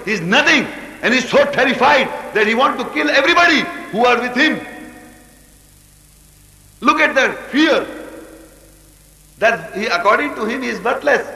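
Animated man lecturing in an echoey hall. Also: sits high, vocal fry. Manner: animated, rapid chanted recitation between explanations. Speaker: religious teacher. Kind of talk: scripture commentary lecture.

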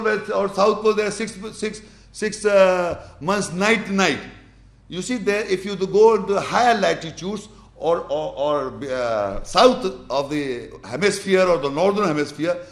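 Guy teaching a scripture class, high voice, asks the room questions, echoey room. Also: vocal fry. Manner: questions the class, demonstrates with hands. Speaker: religious teacher. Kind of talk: Quranic lesson to a class.

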